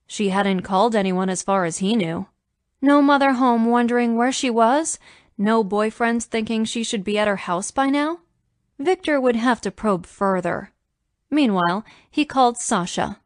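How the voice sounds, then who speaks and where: A woman narrating a romance audiobook in a measured storytelling manner. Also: a little high, dry recording, clean studio sound.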